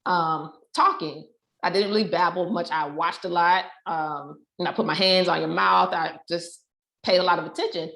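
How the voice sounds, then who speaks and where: A woman guest on a podcast, chatting casually and telling animated stories about her family. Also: lowish voice, normal speed, gravelly. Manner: animated storyteller who acts out family quotes. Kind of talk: casual chat. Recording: roomy echo.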